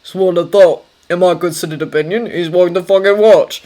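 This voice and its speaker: A woman's voice: on the low side, steady tone, moderate pace, warm tone, close to an everyday voice. A woman reading a story aloud, voicing a blunt, hard-drinking male master sergeant who swears constantly. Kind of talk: audiobook character voice.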